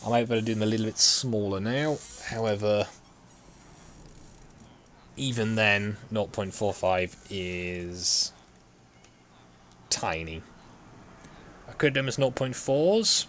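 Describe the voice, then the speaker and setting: A man's voice: fairly low pitch, steady tone, unhurried, long pauses, a bit bright, a little hiss or hum. A man talking himself through a computer drawing in a casual, muttering way, with keyboard typing behind. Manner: muttering to himself, self-deprecating. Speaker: hobby modeller streaming CAD work. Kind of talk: casual talk-through while working.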